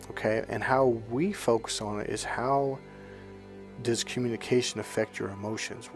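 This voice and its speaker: A man teaching as a spiritual coach, talking casually, telling rambling stories and often checking in with "okay?". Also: medium pitch. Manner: rambling anecdotal storytelling.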